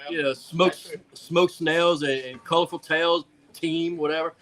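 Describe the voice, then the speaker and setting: A man's voice: fairly high pitch, measured pace, faint music behind. A man telling a funny story on a casual talk show, acting out what people said. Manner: animated, laughing storyteller acting out quotes.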